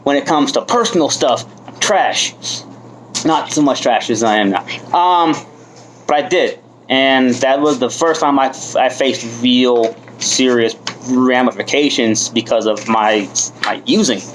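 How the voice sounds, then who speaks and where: A man in his thirties shares his own story at a recovery meeting. He talks candidly and mocks himself, with plenty of swearing. His voice sits at an ordinary middle pitch for a man. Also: measured pace, a little hiss or hum, poor audio. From United States. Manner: candid, self-mocking, swears freely. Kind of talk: personal testimony.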